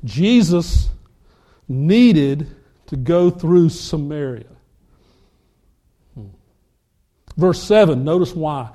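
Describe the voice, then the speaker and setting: A man preaching a sermon, telling a story with lively acted-out dialogue. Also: on the high side. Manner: animated storyteller, acts out dialogue. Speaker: pastor.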